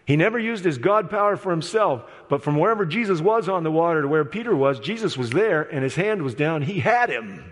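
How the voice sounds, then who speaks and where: A man preaching an evangelistic sermon in an auditorium, moving between loud storytelling and hushed appeals. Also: on the high side, lively intonation, a little fast, hardly any pauses. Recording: long hall reverb.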